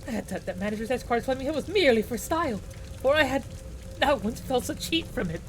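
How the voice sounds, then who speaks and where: A flustered knightly character who speaks in lofty archaic phrases, voice pushed high and urgent, put on by a man reading a game aloud. The delivery is theatrical and breathless with alarm. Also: lively intonation, a little fast, a bit bright, a little hiss or hum. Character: excitable knightly character, old-fashioned speech.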